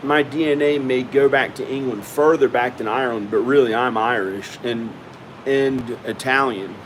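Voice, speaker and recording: A man's voice: mid-range voice, moderate pace, slight background noise, poor audio. A man vlogging at home in a casual, rambling monologue, often repeating himself as he talks to the viewer. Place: at home indoors.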